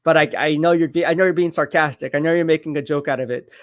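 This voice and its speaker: A man hosting a live football watch-party stream, reacting to plays and chatting with viewers, excitable and repeating his points. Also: fairly high pitch, fast talker.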